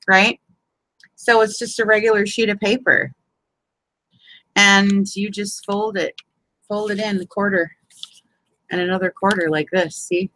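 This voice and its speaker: A crafting group host with a lowish, fairly bright voice chats her way through a casual live session, folding paper on camera and welcoming viewers. Her filler is "you know what I mean," and the audio quality is poor.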